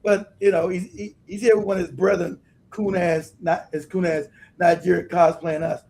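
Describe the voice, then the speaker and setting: Guy ranting on his stream, pretty high voice w some gravel, laughs a lot. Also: flat delivery, normal speed. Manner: loud, laughing, blunt rants. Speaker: livestream host. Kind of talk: casual commentary on a livestream.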